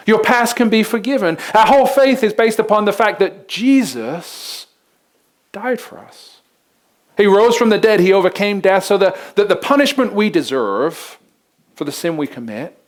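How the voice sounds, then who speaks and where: A male pastor preaching a sermon in an earnest, conversational way, often repeating words as he begins a sentence. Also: a little high.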